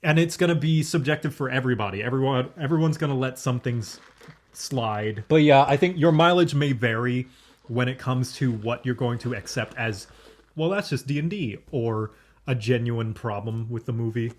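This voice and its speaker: A man's voice: medium pitch, normal speed. A man co-hosting a podcast, chatting casually about a movie he just saw, opinionated and loose, with lots of "like" and "um". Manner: chatty and opinionated, many fillers like "like" and "um". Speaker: podcast co-host. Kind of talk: casual chat, movie review.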